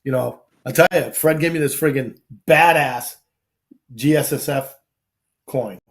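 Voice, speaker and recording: A Boston man hosts a casual talk show, telling stories in an unhurried, mid-range voice. He's animated, acts out the quoted dialogue, and uses plenty of salty slang.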